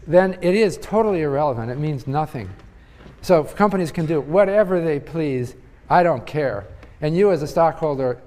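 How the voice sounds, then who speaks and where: This older economics professor has a somewhat high, slightly mellow voice. He lectures to university students in a loose, conversational manner, thinking out loud and frequently restarting or filling pauses, and the big hall adds a long reverb.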